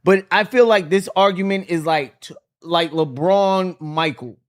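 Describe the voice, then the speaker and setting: A man hosting a casual podcast chat, animated and asking his co-hosts questions. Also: high-pitched, measured pace. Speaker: podcast host.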